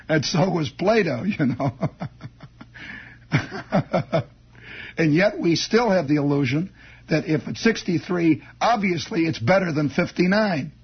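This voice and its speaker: A man's voice: on the high side, lively intonation, slow, long pauses, breathy edge. A man telling a rambling comic story on the radio, wry and meandering, with chuckling asides. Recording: dull lo-fi radio broadcast.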